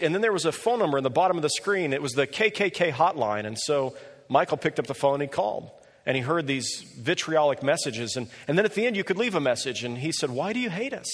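A man preaching a sermon and telling a story with animated delivery, often rising in pitch when he quotes people. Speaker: pastor. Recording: long reverb of a large hall.

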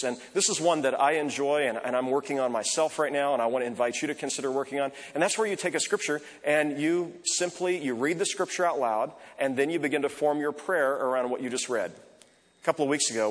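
A man preaching a sermon as pastor, conversational, softly repeating short prayer phrases. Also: mid-range voice. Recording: echoey hall reverb.

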